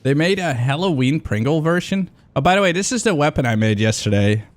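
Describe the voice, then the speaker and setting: Excitable swearing young male streamer. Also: on the high side, fairly quick. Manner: excitable, swears a lot, rambling. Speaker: livestreamer. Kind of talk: casual livestream chat.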